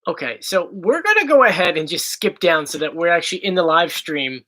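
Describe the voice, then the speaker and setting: A man's voice: on the high side, big pitch swings, brisk, bright, forceful tone, rough recording. A young man with a South Jersey accent, chatting casually as host of a livestream Q&A and reading viewer questions aloud. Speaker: YouTube host.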